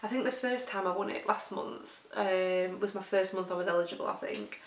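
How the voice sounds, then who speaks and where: Speaking at normal speed in a medium pitch, a woman with a Lancashire accent tells rambling, chatty stories on her weight-loss vlog and laughs along the way. The sound is roomy, with the mic placed far from her.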